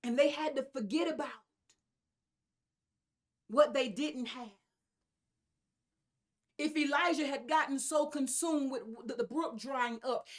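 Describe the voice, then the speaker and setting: A woman preaching a sermon, emphatic and repetitive, with asides to her congregation. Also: sits high.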